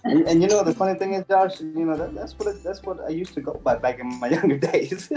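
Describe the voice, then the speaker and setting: A man's voice: a little high, fast, mellow, soft background music. A man with a Southern US accent, laid-back and casual, repeating himself a little as he explains things. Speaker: guest, co-owner of screen-print business. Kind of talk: casual interview chat.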